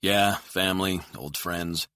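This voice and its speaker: A man voicing a cool, controlled hired killer who speaks calmly and quietly threatens, in a deep voice. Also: takes it slowly, smooth, dry recording, studio quality, heavily acted. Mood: easygoing.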